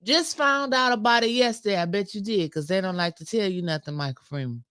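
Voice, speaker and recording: A woman co-hosting a casual morning talk show with a sassy, animated way of talking back. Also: medium pitch, a little fast, clean tone, no room sound, clean studio sound. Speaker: co-host.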